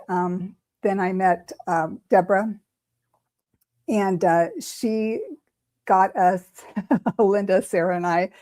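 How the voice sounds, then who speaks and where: Fairly low in pitch and warm, a tarot reader's voice carries an emotional, rambling personal story told casually on a talk stream. She is tearful early on and restarts frequently.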